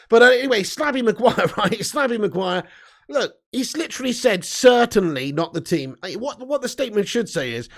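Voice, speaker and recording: Gravelly-voiced man, jokey stream host. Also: high voice. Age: 30s. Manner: laughing, jokey, loud shout-outs. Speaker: host of a live football fan show. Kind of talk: casual live-stream banter.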